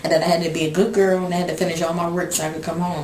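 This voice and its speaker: A woman's voice: fairly low pitch, little pitch movement, very fast. A woman speaking as an incarcerated mother in a documentary interview, telling her story plainly and with feeling. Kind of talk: documentary interview, casual talk. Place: prison. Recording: echoey room with crowd behind.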